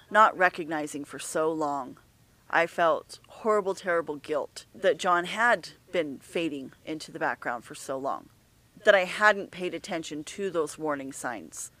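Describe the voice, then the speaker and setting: A middle-aged woman talking openly and earnestly in a candid conversation, often halting and restarting her sentences. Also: low-pitched, fairly bright tone.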